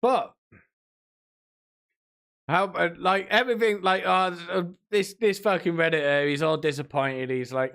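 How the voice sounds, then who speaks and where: Guy streaming, gravelly and a bit high, swears a lot and mocks people. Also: a little slow, pauses often, fairly bright tone. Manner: mocking, sweary, puts on whiny voices to mock. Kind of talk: ranting commentary stream.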